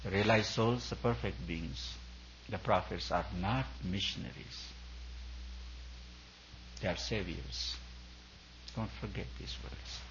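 A man's voice: on the low side, takes it slowly, pauses often, highs cut off, noisy background. A man, a spiritual teacher, giving an earnest discourse at a retreat, building his points through repeated emphatic phrases.

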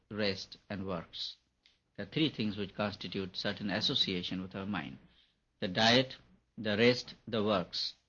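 Husky man teaching meditation. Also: on the low side, a bit bright. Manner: earnest, repetitive and emphatic, laughs at his own points. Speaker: spiritual teacher. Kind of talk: meditation lecture to an audience. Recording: dull lo-fi recording.

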